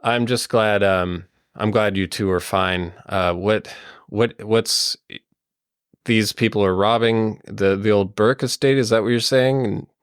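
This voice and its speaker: A man's voice: on the low side, fairly even intonation, clean tone, dry recording, clean studio sound, natural voice. A man voicing a kind, worried young man who stammers and trips over his words. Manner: anxious, halting and stammering.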